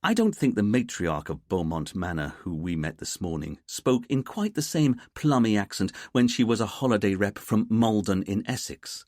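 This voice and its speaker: A man's voice: fairly low pitch, big pitch swings, moderate pace, hardly any pauses, darkish tone, dry recording, clean studio sound. A man voicing a fussy, pompous middle-aged detective inspector who speaks in a precise, stiff way.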